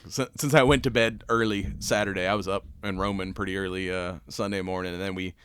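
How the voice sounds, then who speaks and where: A man hosting a casual podcast, hoarse and raspy after a weekend of cigars and whiskey, talking in a laid-back, rambling way with easy laughs. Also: sits low, fairly even intonation, quick pace, fairly bright tone, slight background noise. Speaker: podcast host.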